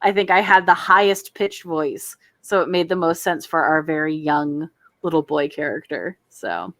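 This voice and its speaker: A woman's voice: deep voice, normal speed, a bit bright, no echo. A woman in her thirties hosting a casual drawing stream, chatty and self-deprecating, often laughing as she talks. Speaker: stream host. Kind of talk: casual chat while drawing.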